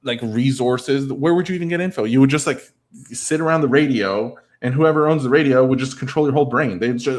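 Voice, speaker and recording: A man chatting loosely on a livestream in an everyday mid-pitched voice. His talk wanders and is padded with "like" and "I don't know". Now and then he answers comments from his viewers. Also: a little fast. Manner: rambling, full of "like" and "I don't know". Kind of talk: casual livestream chat.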